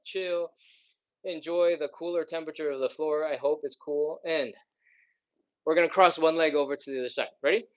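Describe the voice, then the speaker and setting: Leading a live stretching class to follow along with, a male instructor counts down each hold, sighing in between while he stretches and regains his breath. He speaks a little fast in a slightly high voice, and the recording's highs are cut off.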